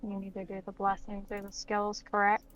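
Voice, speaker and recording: A woman's voice: mid-range voice, fairly quick, no echo. A woman playing a tabletop game, asking the game master unsure questions about the rules. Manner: asks questions, flat and unsure. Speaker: player. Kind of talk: casual game chat over voice call. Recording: dull lo-fi voice-chat audio.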